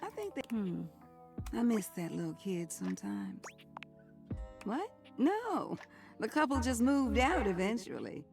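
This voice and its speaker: A woman voicing a gossipy old household appliance in a video game, with a gravelly, teasing, knowing way of telling stories. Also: a little high, big pitch swings, measured pace, pauses often, a little mellow, soft background music, exaggerated voice. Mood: wistful. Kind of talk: video game character dialogue.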